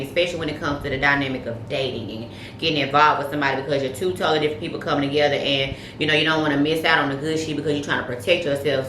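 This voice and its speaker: A woman's voice: low voice, a bit bright. A woman co-hosting a podcast, chatting casually and giving blunt, slangy dating advice with street metaphors. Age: adult, past early heartbreaks. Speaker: podcast co-host. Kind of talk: casual chat. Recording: roomy room with faint noise.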